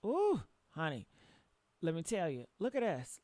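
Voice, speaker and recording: A woman hosting a reaction commentary with a hoarse voice, talking in a blunt, profane and preachy way. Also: lowish voice, huge pitch swings, a little slow, warm tone, no echo. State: hoarse from yelling. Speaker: commentary show host.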